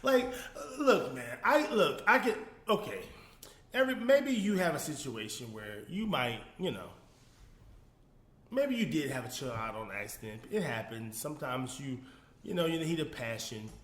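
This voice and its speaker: Animated man ranting in an echoey room. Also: medium pitch, normal speed. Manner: animated, laughing often, addresses viewers as y'all. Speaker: commentary show host. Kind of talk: casual solo commentary. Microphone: phone.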